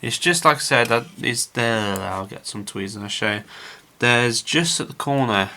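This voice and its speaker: A man's voice: medium pitch, normal speed, sharp tone. A man casually narrating his scale model build to viewers, chatty and rambling with frequent filler words.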